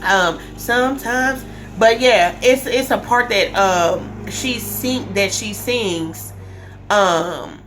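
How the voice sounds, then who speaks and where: A woman's voice: medium pitch, slow, a bit bright. A woman giving a casual tarot reading to camera, emphatic and repetitive, restating her points as she thinks aloud. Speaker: tarot reader.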